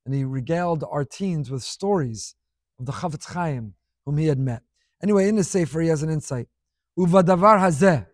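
A middle-aged man delivers an impassioned sermon, voice rising and falling sharply in loudness. His voice sits somewhat high for a man. The recording is dry and close. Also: animated, fairly quick, no echo. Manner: impassioned, dramatic swings in volume. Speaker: rabbi.

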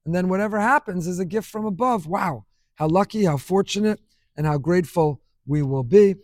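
Male Torah teacher, high voice, emphatic and repetitive, dry close sound. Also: fairly quick, a little mellow, dry recording. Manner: emphatic, repeats key phrases, mixes in Hebrew terms. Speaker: rabbi teaching a Torah class. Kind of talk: Torah lecture.

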